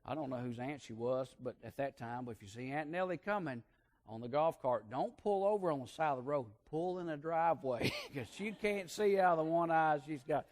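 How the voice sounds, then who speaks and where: Folksy preacher man, fairly high voice. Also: animated, brisk. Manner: folksy, swings between hushed and loud emphasis. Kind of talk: sermon storytelling.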